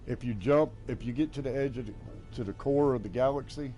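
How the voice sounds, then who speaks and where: An older American man chatting casually while playing a game, with a folksy, halting drawl. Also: mid-range voice, warm tone, soft background music. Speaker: gaming streamer.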